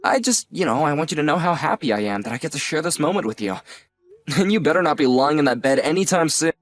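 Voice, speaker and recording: A young man playing a newly engaged nephew who is earnest and gently apologetic. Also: on the high side, big pitch swings, quick pace, soft background music. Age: young adult. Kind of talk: scripted dialogue drama.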